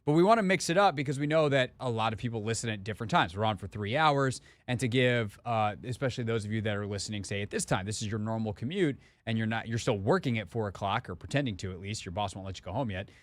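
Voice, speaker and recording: A man's voice: on the low side, quick pace, few pauses, dry recording. A man hosting a live sports radio show, talking casually with lots of fillers and restarts in a studio. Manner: conversational, rambling with fillers and restarts.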